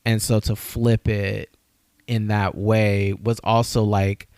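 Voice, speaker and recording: A man hosting a podcast in casual chat, talking in an animated, rambling way and getting riled up as he makes his points. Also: fairly low pitch, slow pace, clean tone, no echo. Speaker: podcast host.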